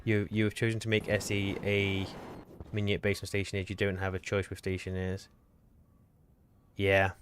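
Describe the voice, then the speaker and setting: A man's voice: sits low, monotone, moderate pace, pauses often, soft background music. A man live-streaming a co-op game, chatting casually and teasing his partner. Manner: chatty, self-correcting, teasing. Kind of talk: casual gameplay chat.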